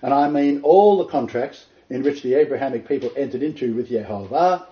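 A man's voice: medium pitch, expressive, a little fast. A man preaching a sermon, reading scripture aloud and stressing his key points with repetition. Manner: emphatic, repeats key points. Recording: roomy, dull lo-fi recording.

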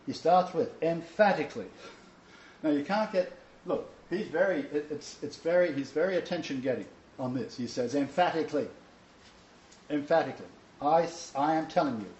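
A man's voice: on the high side, normal speed, a little mellow, echoey room, dull audio, slight background noise. A man teaching a Bible lecture to a small seated audience, emphatic and joking, with chuckling asides. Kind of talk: informal sermon lecture.

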